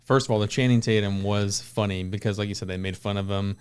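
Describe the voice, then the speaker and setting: A man's voice: fairly low pitch, fairly even intonation, fast talker, clean tone. A man co-hosting a podcast, chatting casually about a movie in an agreeable, laid-back way. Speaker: podcast co-host. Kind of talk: casual movie review chat.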